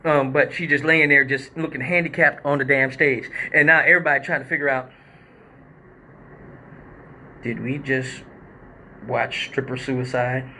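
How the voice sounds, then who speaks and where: A man hosting a live show, telling a story in a casual, animated, profane way and acting out quotes and sound effects. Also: medium pitch, normal speed, a little hiss or hum.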